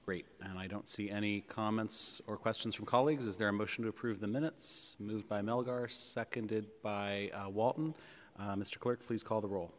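A man chairing a public board meeting, speaking in a measured way with frequent fillers. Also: fairly low pitch, fairly even intonation. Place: large legislative chamber. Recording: reverberant council chamber.

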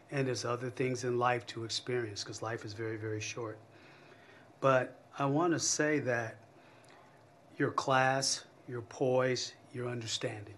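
A man serving as commission vice president, giving earnest, measured farewell remarks at a public meeting. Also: mid-range voice, slight background noise.

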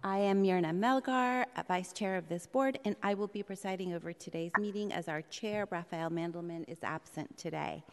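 A woman presiding over a public board meeting as vice chair, speaking in a measured, polite way with a few fillers. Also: on the low side, vocal fry, a little mellow. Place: legislative chamber in a city hall. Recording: long reverb of a large hall.

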